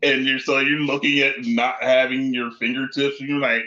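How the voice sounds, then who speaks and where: A man's voice: medium pitch, moderate pace, hardly any pauses, dull audio. Rambling, laughing man, echoey room. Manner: rambling, laughs often, excitable. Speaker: player. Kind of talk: casual post-session recap.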